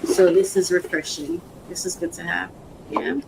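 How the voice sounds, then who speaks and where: A woman's voice: lowish voice, very animated, measured pace, vocal fry, noisy background. A woman hosting her own podcast, chatting casually and bubbly as she unboxes a product, laughing often. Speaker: podcast host.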